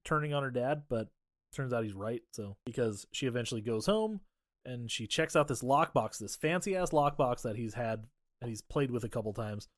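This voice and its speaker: Fields: Sex: man. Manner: profane, animated retelling. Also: mid-range voice, moderate pace, dry recording, studio quality. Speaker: podcast co-host. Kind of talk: casual movie recap chat.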